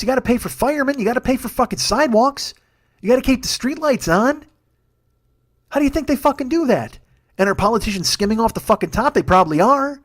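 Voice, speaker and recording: A man in his forties hosting a solo comedy podcast, ranting in a heated, profane way and rambling through plugs with lots of fillers. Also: very high voice. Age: 40s. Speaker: podcast host.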